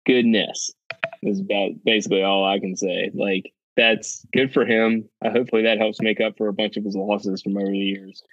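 A man co-hosting a podcast, rambling through a story with lots of restarts. His voice sits low. The recording sounds dull and lo-fi, and dry. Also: level tone, normal speed, fairly bright tone, no echo. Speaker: podcast co-host. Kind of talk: casual chat.

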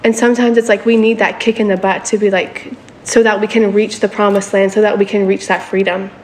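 A woman's voice: medium pitch, level tone, a little fast, darkish tone, a little hiss or hum. A woman preaching a sermon in a casual, conversational way, often checking in with her listeners for agreement.

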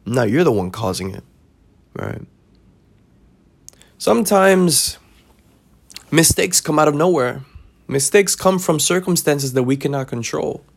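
Speaking a little slowly and pausing often, the podcast host has a creaky voice on the high side yet sounds animated. His casual monologue of life advice is preachy and repetitive, checking in with "right?" again and again.

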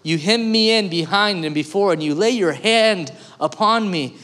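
A man preaching a sermon as pastor, animated and acting out the voices of people he quotes. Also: high-pitched, normal speed. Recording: long hall reverb, faint music.

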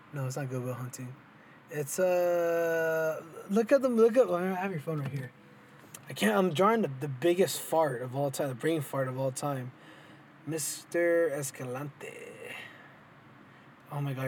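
A man's voice: a little high, lively intonation, a little slow, a little mellow, slight background noise. A young man co-hosting a casual podcast, rambling with many fillers and joking with his partner, recorded indoors in a car. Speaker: podcast co-host. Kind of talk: casual chat. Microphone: headphones and mic.

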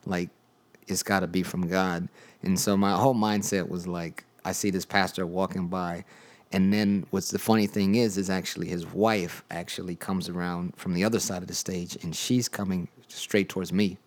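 Young male podcast host, very low voice, relaxed storytelling testimony with filler words. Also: normal speed. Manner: conversational storytelling with many fillers. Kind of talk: casual spoken testimony.

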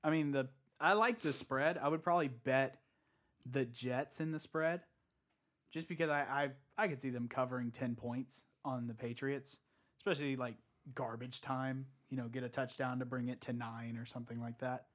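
A man co-hosting a casual fantasy football chat, opinionated and quick to argue his picks, laughing easily. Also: mid-range voice, steady tone, a bit bright. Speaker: podcast co-host.

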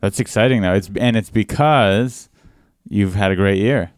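A man's voice: on the low side, normal speed, no echo, studio quality. A man hosting a casual podcast interview, mostly short encouraging interjections and follow-up questions. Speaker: podcast host.

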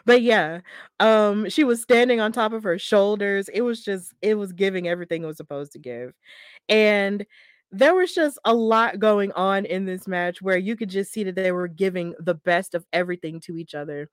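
Chatty excitable woman recapping a match. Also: medium pitch, moderate pace, clear, resonant tone, dry recording, studio quality. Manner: chatty, excitable, laughs often. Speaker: podcast host. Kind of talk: casual wrestling recap.

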